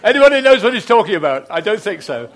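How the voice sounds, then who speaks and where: A man's voice: sits high, very animated, quick pace, a bit bright. An older British man, a retired television producer, telling anecdotes to an audience with frequent fillers and restarts. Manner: chatty storyteller, hesitant fillers and restarts.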